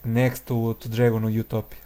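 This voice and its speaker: A man commentating a live strategy game with his co-hosts, pausing often with hesitant fillers as he works through the numbers. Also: mid-range voice, monotone, warm tone. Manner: hesitant, frequent filler pauses.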